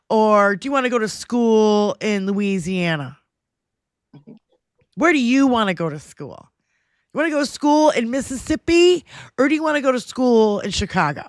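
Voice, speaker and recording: A woman's voice: on the high side, dry recording, studio quality. A woman hosting a casual political livestream, ranting emphatically and swearing freely. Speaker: livestream show host.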